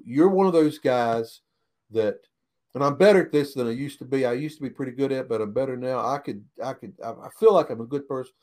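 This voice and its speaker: A man's voice: medium pitch, a little mellow. Folksy man telling racing stories. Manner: folksy, swears freely, repeats "right?". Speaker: guest, retired race car driver. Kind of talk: casual storytelling interview.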